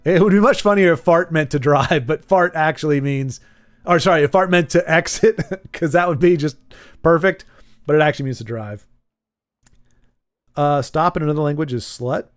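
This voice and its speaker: A man's voice: fairly high pitch, normal speed. A man chatting casually on a live game stream, rambling, joking and correcting himself as he goes.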